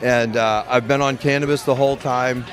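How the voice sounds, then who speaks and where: A man's voice: mid-range voice, fairly even intonation, moderate pace, crowd noise. Blunt, profane middle-aged man telling his story. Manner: blunt, profane, rambling with restarts. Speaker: medical cannabis patient and grower. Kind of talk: candid interview storytelling.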